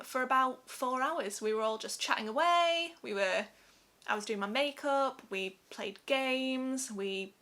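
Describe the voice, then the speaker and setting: A young woman from England talks to camera in a casual, heartfelt vlog. Her voice is bright and a touch high. She is chatty and open, laughing easily as she tells the story. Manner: chatty, emotional, laughs often. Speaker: vlogger.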